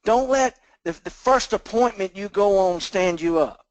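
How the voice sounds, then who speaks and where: A man with a high, bright-pitched voice gives a motivational pep talk to his sales team. His folksy delivery leans on repetition and a preachy rhythm. The sound is close and dry, with no room around it. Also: a little slow, dry recording, low-quality recording. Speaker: team leader on a sales call. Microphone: phone or conference call line.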